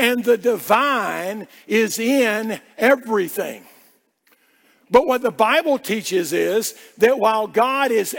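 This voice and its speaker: A high-voiced man preaches slowly and deliberately, stumbling over and repeating his words as he goes. His voice carries a gravelly edge and rings out with the long reverb of a large church hall. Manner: frequent stammered repetitions of words. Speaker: pastor. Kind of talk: sermon.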